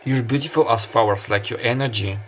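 A mid-range-voiced guy gives a halting, musing pick-a-card tarot reading full of fillers and restarts. Behind him are faint summer beach ambience and slight background noise.

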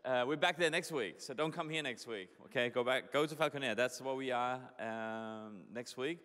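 A man's voice: medium pitch, normal speed. Chatty male pastor in an echoey hall. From Denmark. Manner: casual, chatty, excitable, many fillers and restarts. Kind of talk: sermon with prayer and storytelling. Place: church hall.

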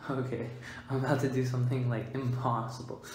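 A man hosting a mock-scientific comedic vlog, playful and goofy, giggling and breaking into sudden loud, high outbursts. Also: level tone, fairly quick. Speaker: vlogger. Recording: roomy echo, faint background hiss.

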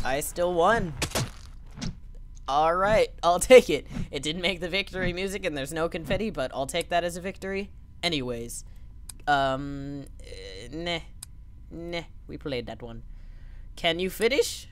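A woman's voice: on the low side, lively intonation, unhurried. A woman commentating on a video game, playful and joking, often yelping. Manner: playful, yelps and jokes. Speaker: gaming commentator. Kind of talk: let's play commentary. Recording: background noise.

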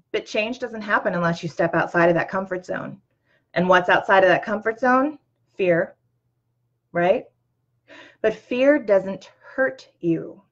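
A woman's voice: medium pitch, a bit bright. Earnest woman giving a casual motivational talk. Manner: earnest and conversational, many ums and you-knows. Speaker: host. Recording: dull lo-fi sound.

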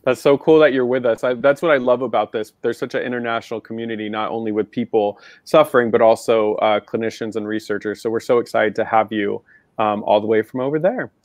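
A man's voice: lowish voice, fairly even intonation, quick pace, no room sound. American man, host, chatty and eager, dry close sound. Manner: enthusiastic, chatty. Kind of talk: live panel hosting.

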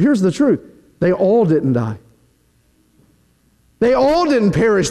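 Male pastor, high voice, preaching in a reverberant church hall. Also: a little mellow. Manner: emphatic, rhetorical questions, mock quotes of worried people. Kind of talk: sermon. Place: church sanctuary.

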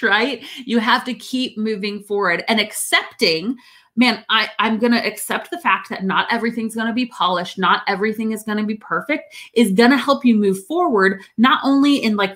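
A woman's voice: on the high side, fairly bright tone. A woman business coach teaching in a casual, upbeat livestream, full of fillers and "right?" check-ins. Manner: upbeat, chatty, many "right?" tags and fillers.

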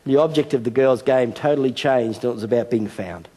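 Pastor preaching in a reverberant church hall. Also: male voice, mid-range voice, brisk, husky. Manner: animated storytelling, acting out a child's game. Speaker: senior pastor. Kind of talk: sermon.

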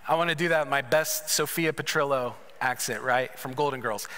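A man's voice: a little high, a little fast, hardly any pauses, pushed and bright, smooth. A man preaching a conference sermon that mixes personal testimony with conversational storytelling and humorous asides, in a large church sanctuary. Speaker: conference speaker. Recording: reverberant church hall.

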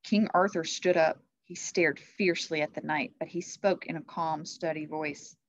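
A woman teacher reading a children's chapter book aloud in slow, expressive storytelling. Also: low voice, no room sound.

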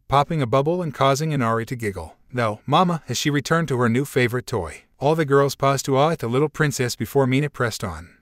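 A man narrating fan fiction in an even, formal reading voice, voicing all the dialogue himself. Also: mid-range voice, no echo, studio quality.

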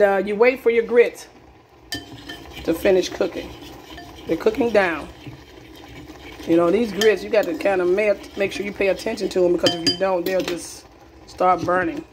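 Against a noisy background, a medium-pitched woman runs a relaxed cooking video from her own kitchen. She talks a lot, goes over things more than once, and keeps asking "okay?"

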